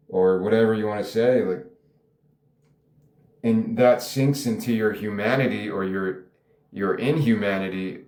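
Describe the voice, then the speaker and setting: A man's voice: on the low side, a little mellow. A man talking through his own story in a casual, rambling way, chuckling often and swearing freely. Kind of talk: casual spoken reflection. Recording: roomy echo.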